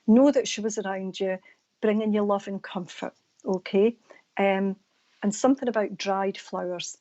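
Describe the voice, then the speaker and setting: A woman's voice: mid-range voice, steady tone, measured pace. Chatty Scottish woman medium, lo-fi stream. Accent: East Coast Scottish. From Scotland. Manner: chatty, warm sign-offs to viewers. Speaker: psychic medium. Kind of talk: live-stream readings and chat.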